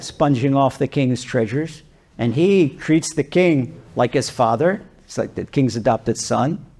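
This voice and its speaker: A man, a rabbi, giving a sermon and telling a parable in an animated, conversational way, often restarting his sentences. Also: medium pitch. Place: lecture venue.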